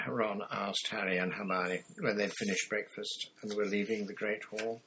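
A man reading a novel aloud in steady, measured scripted narration. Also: fairly low pitch, slight background noise, rough recording. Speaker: audiobook reader.

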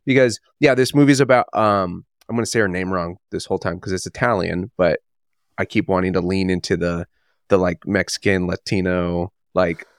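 Rambling, excitable male podcast co-host. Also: low voice, moderate pace, no echo, clean studio sound. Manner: rambling, self-correcting, excitable. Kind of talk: casual chat.

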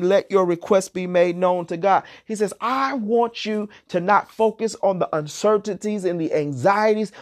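A man's voice: high voice, darkish tone. A man preaching an impassioned sermon who often repeats words and restarts phrases as he builds to emphatic declarations.

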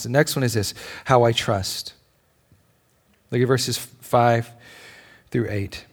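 A father and pastor speaks slowly in a medium-pitched voice, with frequent pauses, as he tells a personal story from the pulpit. His tone is animated but falls to an almost-whisper at tender points.

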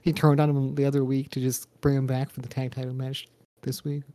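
A man's voice: mid-range voice, level tone, fairly quick, warm tone, no echo. A young man co-hosting a casual wrestling podcast, laid-back, laughing often and swearing freely. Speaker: podcast co-host.

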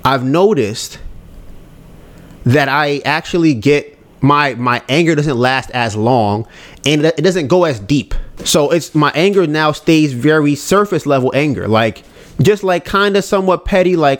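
This host's casual solo podcast finds him candidly rambling about managing his anger while voicing his own thoughts aloud. His voice sits on the high side, expressive, at a moderate pace.

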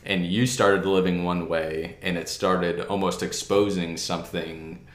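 A man hosting a church conversation, calmly affirming his guest and drawing out lessons. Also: low-pitched, measured pace. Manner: calm, affirming, draws out lessons. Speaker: host. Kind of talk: casual chat. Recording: roomy echo.

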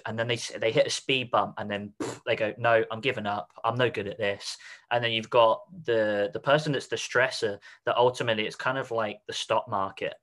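A man's voice: on the low side, fairly bright tone. A man hosting an interview podcast, talking in a loose, rambling way and working through long examples before he gets to his question. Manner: rambling, explains with examples and put-on quotes. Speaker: podcast host. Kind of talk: casual interview chat.

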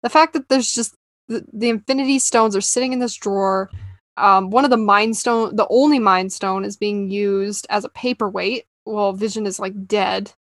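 A woman's voice: medium pitch, steady tone, normal speed, fairly bright tone, dry recording, studio quality. A young woman chatting enthusiastically about a TV series, with lots of fillers. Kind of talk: casual chat about a TV series.

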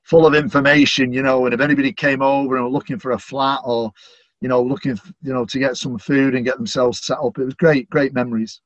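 A man's voice: medium pitch, flat delivery, fast, no room sound. Chatty Mancunian man, dry muffled sound. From Manchester, England. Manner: warm, chatty, lots of "you know" fillers. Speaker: stadium announcer, podcast guest. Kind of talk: casual interview chat.

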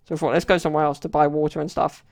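Man, podcast host, casual rambling chat, gravelly, monotone. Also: fairly high pitch, racing. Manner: rambling storyteller, many fillers.

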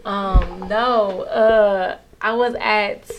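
Gravelly-voiced woman telling a story. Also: medium pitch, very slow, lo-fi sound, music in the background. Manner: animated storyteller, acts out quotes. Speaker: podcast co-host. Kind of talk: casual storytelling chat.

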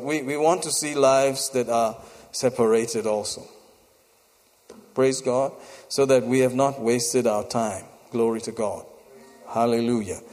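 A man's voice: fairly high pitch, a little mellow. A man preaching a sermon, repeating phrases for emphasis and breaking into exclamations of praise between points. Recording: long hall reverb.

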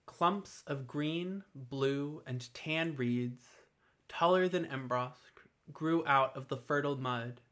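Bright-voiced man narrating fantasy. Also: medium pitch. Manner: steady, measured storytelling.

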